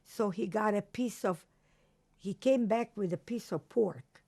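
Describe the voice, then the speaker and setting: Older lady from croatia telling her story, slow and halting, gravelly voice. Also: medium pitch, mellow. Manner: slow, halting recollection with restarts. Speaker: interviewee. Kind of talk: oral history testimony.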